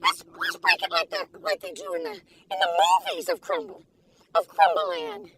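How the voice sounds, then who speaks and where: A woman taste-testing food in a casual vlog, talking in an excitable, giggly, gushing way. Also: very high-pitched, normal speed, vocal fry. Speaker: food reviewer. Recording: distant mic with faint background noise.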